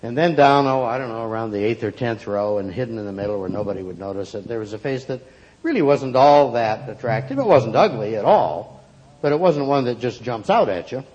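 Expressive male storyteller. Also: medium pitch, fairly quick, muffled recording. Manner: expressive, playful, acts out the characters. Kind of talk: oral storytelling.

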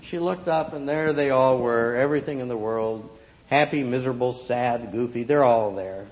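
A man telling a story aloud in an expressive, playful way, acting out the characters. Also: mid-range voice, normal speed, highs cut off. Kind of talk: oral storytelling.

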